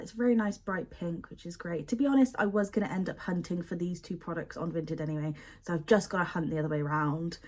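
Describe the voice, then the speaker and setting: A young woman with a husky, slightly breathy voice sitting low in pitch chats through an unboxing. She is chatty and expressive and pokes fun at herself as she sniffs and describes each product. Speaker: beauty product unboxing vlogger. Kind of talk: casual unboxing chat.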